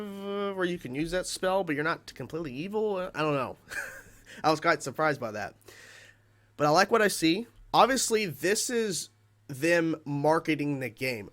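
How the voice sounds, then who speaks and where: A man's voice: on the high side, fairly bright tone. A man giving casual reaction commentary on a game trailer, musing aloud with many fillers and open questions, a little tired. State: tired, voice cracking. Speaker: gaming reaction youtuber.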